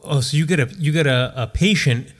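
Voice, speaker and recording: A man's voice: fairly high pitch, brisk. A man co-hosting a podcast, chiming in with quips and jokes. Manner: joking interjections and quips. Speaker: podcast co-host. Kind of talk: casual podcast chat.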